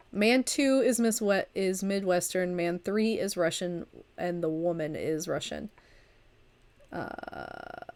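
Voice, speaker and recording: A woman reads a vampire story game aloud on a livestream. She is at the tail end of an illness, stumbles and restarts now and then, and drops into chatty asides between passages. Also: mid-range voice. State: recovering from a long illness. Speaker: streamer and storyteller. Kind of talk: reading a vampire visual novel aloud on a livestream.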